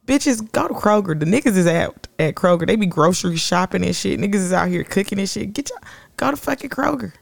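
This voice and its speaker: Blunt, animated young woman with vocal fry. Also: medium pitch, brisk. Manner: animated, blunt, profane storytelling. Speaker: podcast co-host. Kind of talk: casual chat.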